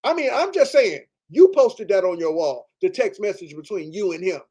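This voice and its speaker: A man's voice: high voice, animated, normal speed, dark tone, breathy edge. A man hosting a livestream, ranting in a heated, profane, repetitive way. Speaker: livestream host. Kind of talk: livestream rant.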